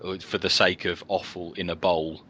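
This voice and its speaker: A man with a bright, forceful voice co-hosts a comedy podcast, spinning meandering anecdotes full of ums and restarts. Faint hiss sits under the recording. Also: sits low, flat delivery, moderate pace, dull audio. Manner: rambling anecdotes, frequent fillers and restarts. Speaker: podcast co-host. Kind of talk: casual comedic chat.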